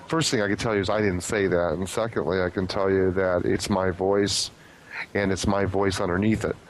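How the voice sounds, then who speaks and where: A man's voice: sits low, a little hiss or hum, rough recording. A man being interviewed as a paranormal investigator, explaining his theories in an earnest, speculative way. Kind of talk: casual podcast interview.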